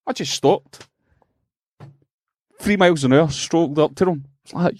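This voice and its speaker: Animated, sweary Scottish man telling stories. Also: a little high, measured pace, no room sound, studio quality. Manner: animated storyteller, swears freely and acts out voices. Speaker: podcast co-host. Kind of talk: casual comedic chat.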